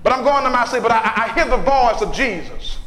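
A man preaching a call-and-response sermon in a church, building into chanted shouting. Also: extremely high pitch, animated, a little fast. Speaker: pastor. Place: church sanctuary. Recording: echoey church hall with long reverb.

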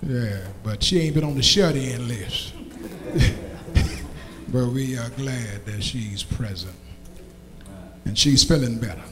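A man preaching in a church, chanting and singing his sermon in drawn-out lines before settling into plain speech. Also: medium pitch, fairly bright tone. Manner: sings drawn-out lines, then speaks plainly. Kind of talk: sermon, chanted and sung in a rising preaching cadence. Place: church sanctuary. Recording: reverberant hall with faint music.

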